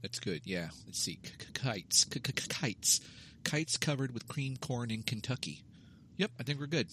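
A man's voice: mid-range voice, very animated, normal speed, fairly bright tone, a little hiss or hum. A man in his thirties co-hosting a casual podcast, jokey and playful, rambling as he goes. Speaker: podcast co-host.

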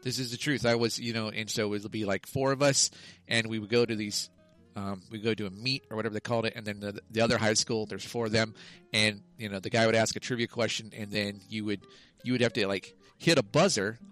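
A man's voice: fairly low pitch, fairly even intonation, fast, fairly bright tone, soft background music, low-quality recording. A man co-hosting a casual comedy podcast, telling a long story that he keeps correcting mid-way and laughs at himself. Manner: rambling, self-correcting, loses the thread and laughs at himself. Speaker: podcast co-host.

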